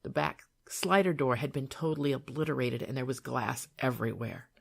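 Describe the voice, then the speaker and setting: An older woman reading her own memoir aloud in a calm, soothing, measured way. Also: very deep voice, gravelly, breathy edge.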